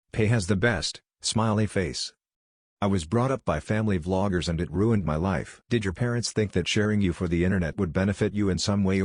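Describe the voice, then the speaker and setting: Male narrator, very low voice, dry close sound, even delivery for post read-outs. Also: no room sound. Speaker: narrator reading forum posts. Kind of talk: scripted narration.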